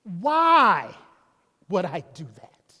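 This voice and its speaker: A man's voice: high voice, sing-song, extremely slow, bright, forceful tone, slightly rough. A man preaching a sermon as pastor, folksy, breaking off to talk to himself and to the congregation. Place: church sanctuary. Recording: long reverb of a church hall.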